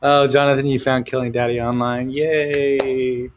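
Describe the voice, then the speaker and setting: A man co-hosting a casual late-night chat, explaining things in a relaxed way with lots of "like" and "um". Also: mid-range voice, a little slow. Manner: relaxed, explaining with many fillers. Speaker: co-host.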